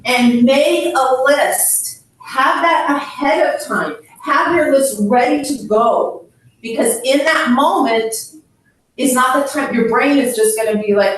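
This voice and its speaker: A woman leading a caregiver seminar, frank and lively, who laughs often and acts out scenes. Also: a little high, slow. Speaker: hospice educator. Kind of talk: seminar talk. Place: seminar room. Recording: echoey room from far off.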